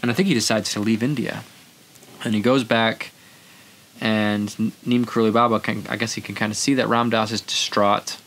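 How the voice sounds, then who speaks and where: A man's voice: on the low side, steady tone, normal speed, fairly bright tone. A man hosting a podcast, telling a story in a rambling, casual way and acting out the quotes. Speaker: podcast host.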